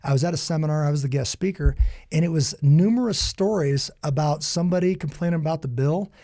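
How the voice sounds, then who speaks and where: A man's voice: a little high, quick pace, dry recording, studio quality. A man guest on an interview podcast, talking with emphatic, preacher-like conviction and acting out the people in his stories. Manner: animated storyteller, acts out quoted dialogue. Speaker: podcast guest, security company founder. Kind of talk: conversational interview.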